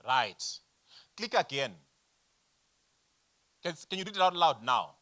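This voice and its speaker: A man in his forties leading a business workshop, lecturing in an animated way and asking the room rhetorical questions. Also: a little high, takes it slowly. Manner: animated, addresses audience directly with rhetorical questions. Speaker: workshop facilitator.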